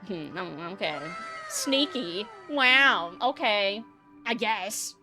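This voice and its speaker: A woman's voice: mid-range voice, very animated, slow. A playful woman chatting casually while streaming a game. She laughs easily, with faint music playing behind her voice. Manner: playful, giggly.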